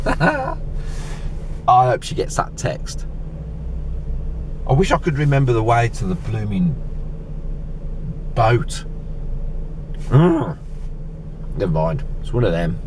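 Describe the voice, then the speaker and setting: A man's voice: low voice, lively intonation, measured pace, pauses often, background noise. A middle-aged man, chatting to camera from inside his car in a chatty, grumbling, sweary way. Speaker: vlogger. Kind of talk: casual chat to camera. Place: inside a car on a rainy day. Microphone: phone camera.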